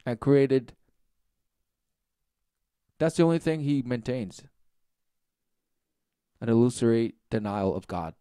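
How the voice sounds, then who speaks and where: A man's voice: mid-range voice, animated, slow pace, long pauses, warm tone, smooth, dry recording, clean studio sound. A man giving sarcastic, rambling commentary, mocking and repeating himself.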